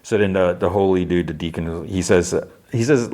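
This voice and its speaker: Man, low voice, casual podcast recap, filler-heavy, rambling. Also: moderate pace, few pauses, dark tone. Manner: rambling, loose delivery full of "like" and restarts. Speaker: podcast host.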